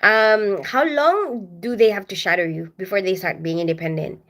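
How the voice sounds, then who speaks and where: A middle-aged Filipina livestream host speaks at a normal speed in a medium-pitched, fairly bright voice. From home, she casually reads comments, says hello to viewers by name, and laughs a lot.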